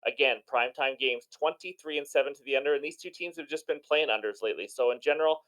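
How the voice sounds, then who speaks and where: A man hosting a sports betting show, giving enthusiastic and chatty commentary on his picks in a hoarse voice. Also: mid-range voice, fast talker, few pauses, fairly bright tone, low-quality recording. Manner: enthusiastic, chatty, self-deprecating. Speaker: sports betting channel host.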